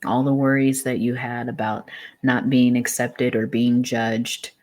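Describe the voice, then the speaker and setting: Deep-voiced, unhurried female psychic doing a channeled tarot reading, gentle and meandering. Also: level tone. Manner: gentle, meandering, relays spirit messages with soft laughs.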